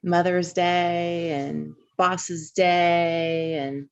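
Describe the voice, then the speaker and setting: A woman from Indiana with a low, gravelly voice talks through her own memories in a relaxed podcast chat. She reflects as she goes and lets the stories unfold at length. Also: extremely slow, highs cut off. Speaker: podcast co-host. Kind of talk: casual conversation.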